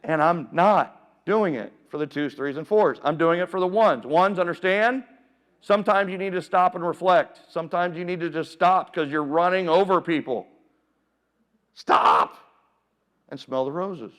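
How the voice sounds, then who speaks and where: A man giving a keynote talk at a live seminar, energetic and playful, calling out to the audience and getting them to join in. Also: high-pitched, normal speed. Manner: energetic, playful, calls out to the crowd. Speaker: keynote speaker. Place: event room with a live audience.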